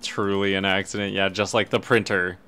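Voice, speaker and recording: A man's voice: sits low, level tone, normal speed, sharp tone, clean tone. A man streaming a horror game live, commentating and swearing, yelping when startled.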